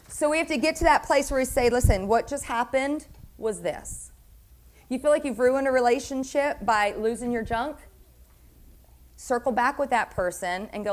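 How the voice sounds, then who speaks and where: A woman's voice: sits high, normal speed. A middle-aged woman pastor preaching a sermon in a church, candid and confessional, often asking the congregation questions. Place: church sanctuary.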